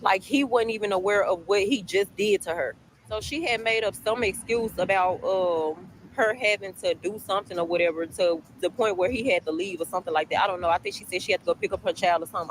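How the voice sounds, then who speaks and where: A woman's voice: mid-range voice, a little fast, a little hiss or hum, low-quality recording. A woman casually telling a storytime to her viewers, chatty, repeating herself and addressing the audience often, recorded while on a break at work. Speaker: storytime vlogger.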